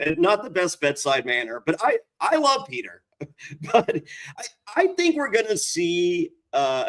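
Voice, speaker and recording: A man hosting a casual podcast chat, telling stories in a rambling, animated way. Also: fairly high pitch. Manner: rambling animated storyteller, many restarts. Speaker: podcast host.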